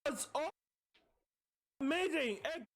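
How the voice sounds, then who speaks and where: A man streaming a live watch-along, reacting with shouted bursts of disbelief. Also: very high voice, animated, slow pace. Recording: loud stream music underneath.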